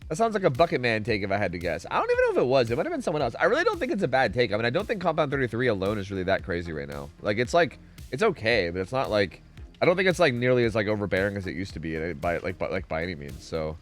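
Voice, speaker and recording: A young man streaming a game, chatting casually with viewers, rambling and swearing as he reacts loudly to chat. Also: on the low side, huge pitch swings, racing, faint music behind.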